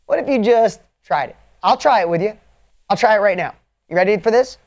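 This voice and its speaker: In a high voice, a man delivers an energetic, emphatic motivational training talk. He alternates quick bursts with slow, drawn-out emphasis, speaking bluntly with some mild profanity.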